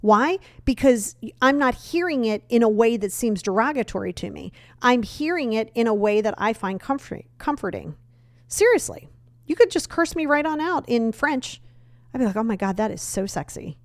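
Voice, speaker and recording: Young woman podcast host, blunt and frank, bit higher voice, dry close sound. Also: no echo. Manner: blunt, emphatic, frank with mild cursing. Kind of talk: motivational self-help talk.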